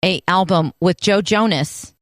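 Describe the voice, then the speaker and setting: A woman co-hosting a podcast in casual chat, playful and animated, laughing often. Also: lowish voice, unhurried, no room sound, studio quality. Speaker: podcast co-host.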